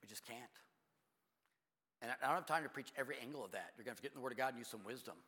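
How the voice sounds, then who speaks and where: Preaching a sermon, a middle-aged pastor moves between quiet, confiding talk and loud, urgent preaching. His mid-range voice races along, trailed by a long reverb tail.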